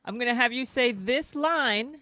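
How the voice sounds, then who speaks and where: Crew woman: slightly high voice, short prompts, dry mic. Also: normal speed, pushed and bright, no echo. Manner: brief, directing prompts. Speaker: podcast producer running a segment. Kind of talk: casual chat.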